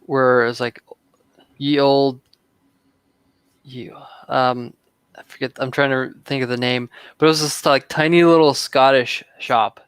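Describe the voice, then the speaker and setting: A man co-hosting a podcast in casual chat, talking haltingly with fillers. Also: mid-range voice, fairly even intonation, smooth, no echo. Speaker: podcast co-host.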